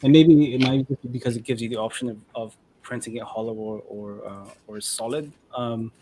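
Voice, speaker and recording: Guy hosting a hobby stream, casual and rambly, keeps restarting his sentences, mid pitch. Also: fairly even intonation, dark tone. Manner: rambling, halting, many restarts. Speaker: host of a model-building stream. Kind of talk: casual chat.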